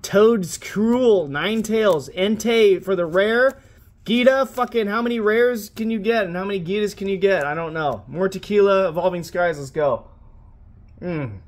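A man's voice: high-pitched, moderate pace. A young man hosting a card-opening video, giving swearing, wisecracking commentary as he flips through pack after pack with growing frustration. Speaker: pack-opening channel host.

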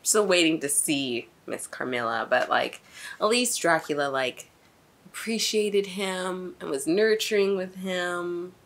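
A woman hosting a casual reaction video, expressive and swearing freely as she reacts. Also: fairly low pitch, a little slow. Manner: expressive, swears, laughs often.

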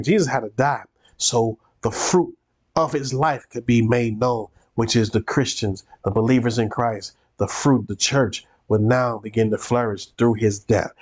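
A man's voice: mid-range voice, a little mellow. A male pastor teaching a Bible study, preacherly and repeating phrases for emphasis.

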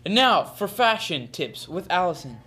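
A man's voice: high-pitched, moderate pace. Goofy teen boy hosting youth announcements. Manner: goofy, deadpan teasing. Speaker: youth bulletin host. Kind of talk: jokey announcements.

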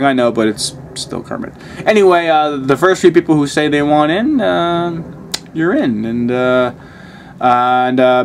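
A man's voice: mid-range voice, a little hiss or hum. A man casually commenting on a video game he plays, reading screen text aloud, muttering and swearing often. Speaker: gaming channel host.

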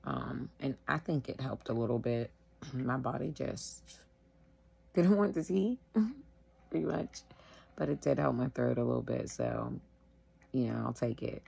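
A sick woman at home, wheezing and short of breath, talking casually to the camera in a tired, slow way. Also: extremely low pitch, animated, creaky, dark tone, breathy edge. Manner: tired, slow, filler-heavy. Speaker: vlogger sharing her illness.

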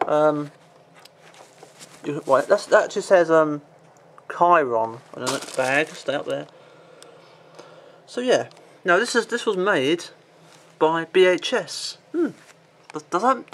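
High-voiced rambling man. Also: a bit bright, slight background noise. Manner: rambling, many fillers, swears at his pet. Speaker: vlogger. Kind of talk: casual show-and-tell vlog.

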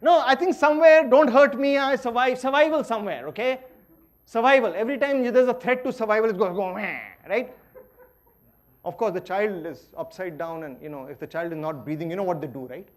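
A middle-aged man with an Indian English accent gives a lively, playful workshop lecture, swinging between loud emphasis and quiet asides. He talks a little fast in a high voice.

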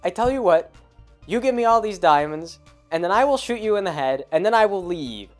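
A man's voice: high-pitched, lively intonation, brisk, soft background music, pitched above the performer's own voice. A man voicing an unhinged young burglar who makes threats in a breezy, cheerful way. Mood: cheerful menace.

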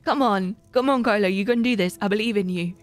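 A woman's voice: medium pitch, fairly quick, soft background music. A woman livestreaming a video game, rambling in a playful, self-mocking way to her chat. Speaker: livestreaming gamer. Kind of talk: casual gaming commentary.

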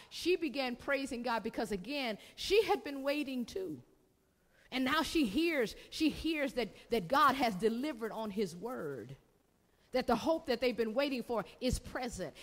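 A woman pastor delivers a sermon, building with repeated phrases and calls for an answer from the congregation. Her voice sits a bit high, and it rings out with the long reverb of a church hall. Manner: preaching with call-and-response and repetition. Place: church sanctuary.

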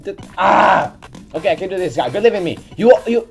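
A woman's voice: medium pitch, lively intonation, brisk, a little mellow. A woman hosting a gaming video, giving let's-play commentary as she exasperatedly scolds her character and swears, close to a desk mic. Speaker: gaming channel host. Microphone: desk mic near keyboard. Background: faint game music.

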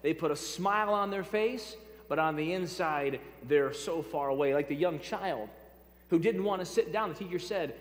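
A man with a high, bright-pitched voice preaches a sermon to his congregation. He speaks emphatically, hammering home key phrases through repetition and dropping in light asides to the crowd. His voice rings out with a long reverb through a church sanctuary. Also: moderate pace. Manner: addresses congregation directly, light humor. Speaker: pastor.

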